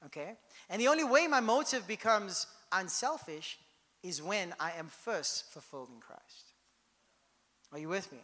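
A man's voice: high-pitched, expressive, normal speed, sharp tone, in a large hall. A man preaching a sermon as pastor, in a conversational style that keeps checking in with the congregation.

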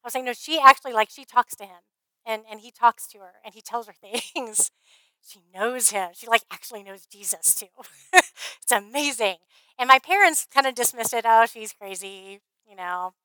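A woman speaker at a conference, telling her faith story in an earnest, heartfelt way, often trailing off softly. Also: on the high side, expressive, normal speed, no echo, low-quality recording. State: briefly emotional. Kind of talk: faith testimony talk.

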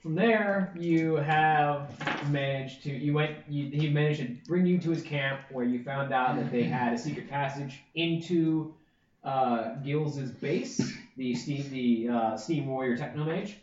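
A man who is the game master, narrating a recap of a tabletop game in a halting way, often restarting his phrases. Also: on the high side, slight background noise. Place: room shared with other players. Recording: very roomy, distant, muffled lo-fi.

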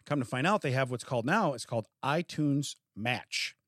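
Man, podcast co-host, lively storytelling voice, dry close sound. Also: mid-range voice, moderate pace, dry recording. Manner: animated storyteller, acts out phone calls. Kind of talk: casual chat.

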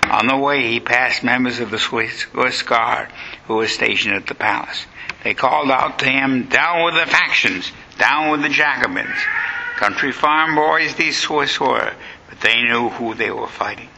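A man's voice: mid-range voice, unhurried, vocal fry, pushed and bright, slight background noise, low-quality recording. A man giving a dramatic history lecture, telling the story vividly and acting out the quotes.

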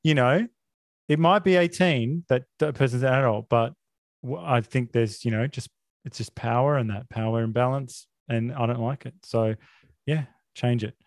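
A man hosting a film podcast, talking in a sarcastic, mock-outraged deadpan. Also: medium pitch, normal speed, dry recording, clean studio sound. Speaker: podcast host. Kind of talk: casual film review chat.

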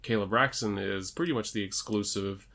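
A man co-hosting a casual podcast with a fairly low, steady voice. He chats loosely and laughs his way through the stories he tells. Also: normal speed, vocal fry. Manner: chatty, laughs while telling stories. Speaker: podcast co-host. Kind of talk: casual chat.

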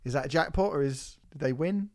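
A man co-hosting a podcast in casual chat, an animated storyteller who laughs and swears a lot. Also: fairly high pitch, brisk. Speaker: podcast co-host.

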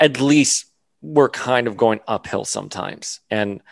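A man's voice: medium pitch, measured pace, creaky, no room sound. A man co-hosting a casual podcast, talking animatedly with lots of fillers and restarts. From Miami area. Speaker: podcast co-host. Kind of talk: casual chat.

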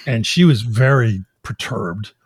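A man's voice: medium pitch, measured pace, breathy edge, dry recording. A man co-hosting a podcast, telling a story in casual chat and acting out the people he quotes. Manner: animated storyteller, laughs often, acts out quoted voices. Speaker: podcast co-host.

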